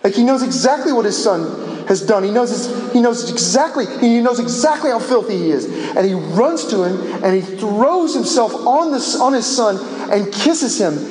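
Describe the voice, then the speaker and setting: A man's voice: high-pitched, lively intonation, moderate pace, darkish tone, slight background noise. A man preaching a sermon, impassioned and building with repetition. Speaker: pastor. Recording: echoey large hall.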